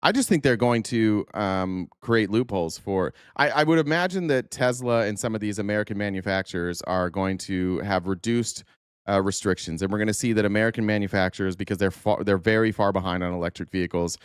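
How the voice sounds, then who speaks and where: A man's voice: lowish voice, fairly quick, clean tone, dry recording, clean studio sound. Profane laughing man streaming. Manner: profane, laughing, rambling asides. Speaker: streamer host reacting to a video. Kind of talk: casual livestream commentary.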